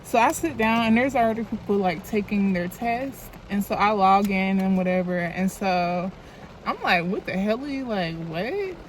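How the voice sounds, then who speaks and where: A woman's voice: medium pitch, moderate pace, a little hiss or hum. A young woman, telling a storytime in a loose, chatty, profane way into a phone camera while doing her makeup. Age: young adult. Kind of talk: casual storytime vlog.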